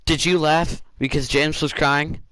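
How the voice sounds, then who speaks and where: A man voicing a furious female fourth-grade teacher who screams her lines in shrill yells. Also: fairly even intonation, a little slow, clear, resonant tone, no room sound, low-quality recording.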